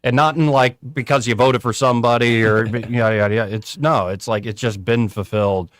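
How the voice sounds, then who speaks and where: A man's voice: medium pitch, steady tone, brisk, fairly bright tone, no echo, studio quality. A man hosting a talk radio show, chatting casually with rambling asides.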